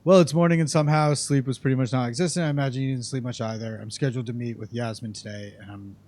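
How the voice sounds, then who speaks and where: A man's voice: medium pitch, steady tone, fast talker, darkish tone. Casual male game streamer reading texts. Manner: casual and swearing, reading messages aloud plainly. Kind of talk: live gameplay commentary, reading in-game texts aloud.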